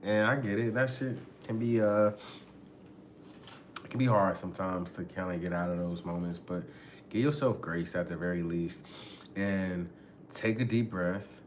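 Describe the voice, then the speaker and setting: A man's voice: sits low, fairly even intonation, unhurried. Brief: male podcast host, casual relationship talk, slangy and laughing, faint background hiss. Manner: loose slangy talk, frequent laughter and profanity.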